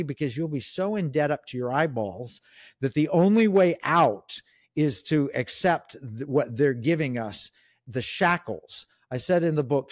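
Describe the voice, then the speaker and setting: Recorded with studio quality and no room sound, a middle-aged man of medium pitch talks as a guest on an interview. An economic commentator, he is forceful and opinionated and often starts his sentences over.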